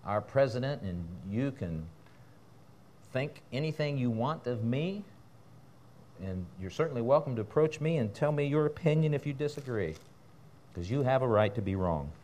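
A man preaching a sermon as pastor in a church, fiery and animated, breaking into laughter and asides. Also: medium pitch, normal speed, a little hiss or hum.

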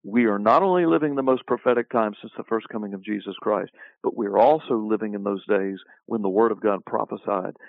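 In a dry recording with phone-line quality and no room sound, a man with a lowish, brisk voice and some vocal fry teaches about the Bible. His interview answer is preachy, emphatic, and repetitive, full of long lists.

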